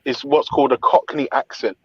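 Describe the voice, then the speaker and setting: A man from East London with an East London accent, hosting a casual live chat with animated, teasing banter. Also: mid-range voice, a little fast. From East London, England. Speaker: host. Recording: muffled audio with background noise.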